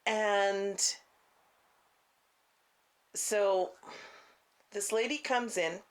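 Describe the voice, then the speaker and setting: A woman vlogger telling a personal story in a casual, halting way, full of restarts and "you know", on a clip-on mic. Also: mid-range voice, steady tone. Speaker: faith vlogger. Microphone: clip-on mic she keeps bumping.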